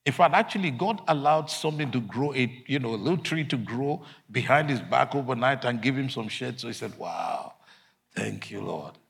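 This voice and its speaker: Man, preacher, sermon, emphatic, loud then hushed. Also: medium pitch, fairly quick, vocal fry, hardly any pauses. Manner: emphatic, swinging between loud declarations and quiet asides.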